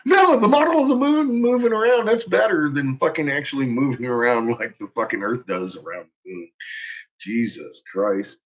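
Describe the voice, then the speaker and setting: Swearing and cracking up as he mocks what's on screen, this channel host keeps his profane, ridiculing commentary casual. His voice runs fairly high and bright, with big pitch swings, a fairly quick pace, and few pauses. The recording sounds muffled and lo-fi.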